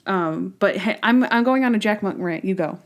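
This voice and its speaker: A woman co-hosting a podcast, chatting casually and retelling scenes in an animated way. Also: medium pitch, moderate pace. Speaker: podcast co-host. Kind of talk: casual chat.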